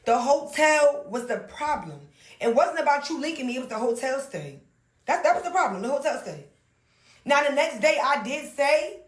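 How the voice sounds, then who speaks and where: A woman's voice: high-pitched, animated, normal speed, breathy edge, no echo. A woman telling her side of a dating story in a casual, indignant rant, reading messages aloud.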